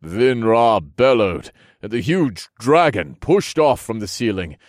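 A man narrating a first-person fantasy audiobook in a measured, steady storytelling manner. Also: lowish voice, dry recording, studio quality.

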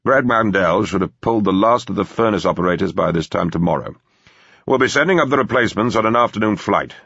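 A man's voice: on the low side, animated, gravelly, a bit bright, breathy edge, no echo, highs cut off, voice pushed up, heavily acted. Man playing a clinical security chief. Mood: matter-of-fact. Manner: measured and formal.

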